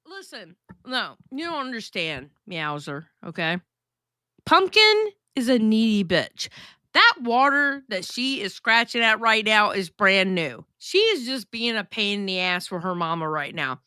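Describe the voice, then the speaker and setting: A woman's voice: medium pitch, sing-song, unhurried, bright, forceful tone, clear, resonant tone, no room sound, clean studio sound. A woman hosting a casual livestream, reading chat messages aloud and chatting in a blunt, profane, gossipy way.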